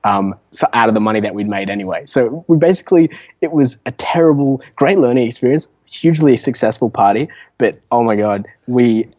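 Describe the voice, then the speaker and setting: A man's voice: mid-range voice, fairly quick, no echo. A young man, an entrepreneur guest on an interview show, telling stories casually with lots of fillers, restarts and laughs. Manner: animated, laughs often, many fillers and restarts.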